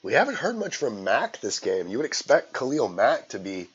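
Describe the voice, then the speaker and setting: A man's voice: medium pitch, sing-song, moderate pace, slightly rough. A man doing casual, joking commentary on a game, talking in a rambling, easygoing way. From rural US. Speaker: play-by-play commentator. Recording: dull lo-fi audio.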